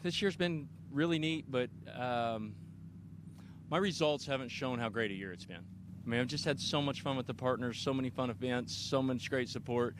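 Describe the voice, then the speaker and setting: A man's voice: medium pitch, moderate pace, noisy background. A middle-aged man from Kansas, an off-road racer answering interview questions outdoors in an enthusiastic, rambling way with many restarts. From Kansas, USA. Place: outdoors at an off-road race park.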